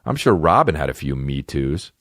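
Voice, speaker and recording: A low-voiced man rambles through a comedy podcast, swearing freely and lurching between swooping highs and lows. The sound is dry and close, with little room around him. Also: big pitch swings, normal speed, fairly bright tone, dry recording. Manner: profane, rambling, jumps into goofy voices. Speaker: podcast host. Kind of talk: casual comedic chat.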